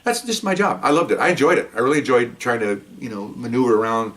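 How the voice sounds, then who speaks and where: An older man, a retired police officer, telling a story casually and jumping up in pitch as he acts out the dialogue. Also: fast talker. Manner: animated, jumps up in pitch when acting out dialogue. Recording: voice picked up from a distance.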